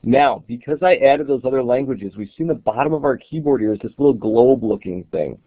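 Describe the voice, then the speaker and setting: A man's voice: medium pitch, lively intonation, brisk, dry recording. Man walking through an app, tinny sound. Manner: casual, explanatory, thinking aloud while demonstrating. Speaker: app reviewer. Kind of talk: screen-recorded software tutorial. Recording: tinny, dry, phone-like audio.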